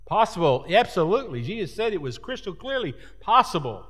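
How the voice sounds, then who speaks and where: A man's voice: high-pitched, very animated, normal speed, a bit bright, big-room sound. A man preaching a sermon in an earnest, repetitive cadence. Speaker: pastor.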